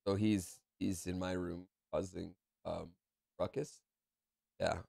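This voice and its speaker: A man streaming a game from a room at home, chatting in a playful way that swings between low muttering and loud calls. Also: steady tone, slow, vocal fry, dry recording, clean studio sound. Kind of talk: live gameplay commentary.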